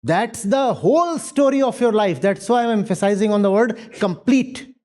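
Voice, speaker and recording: A man giving a spiritual lecture with an animated, lively pitch and a mellow, warm tone. He speaks emphatically, pressing his points with rhetorical questions and repeated phrases. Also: moderate pace. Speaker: spiritual teacher. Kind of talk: lecture with audience Q&A. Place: university lecture hall.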